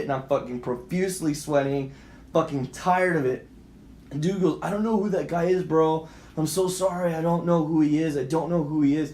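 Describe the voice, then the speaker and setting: A young man co-hosting a podcast, telling a story casually with lots of swearing and acted-out shouting. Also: on the high side, normal speed, echoey room. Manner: animated, profane, acts out voices and shouts in quotes. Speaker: podcast co-host.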